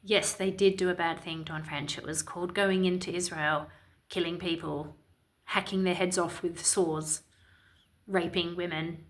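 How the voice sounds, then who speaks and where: A woman's voice: lowish voice, steady tone, unhurried. A woman from Ireland giving opinionated, sarcastic and indignant commentary in a vlog. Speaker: commentary vlogger.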